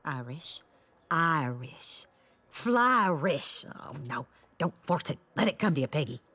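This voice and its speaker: An actress voicing a proud, overconfident female teacher in an animated sitcom, talking in a pompous, self-assured way. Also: low-pitched, slow, full character voice. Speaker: cheerleading coach.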